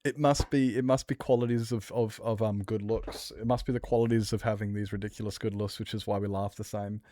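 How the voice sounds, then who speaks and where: A man's voice: on the low side, steady tone, a little fast, mellow, no echo, studio quality. A man streaming a game, chatting casually in a rambling, jokey way and laughing often. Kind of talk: casual gaming stream chat.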